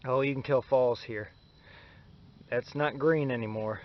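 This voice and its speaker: In a lo-fi home vlog, a man speaks at a measured pace in a mid-range voice, chatting directly with his audience about household chores. His tone is relaxed and folksy, and now and then he's short of breath.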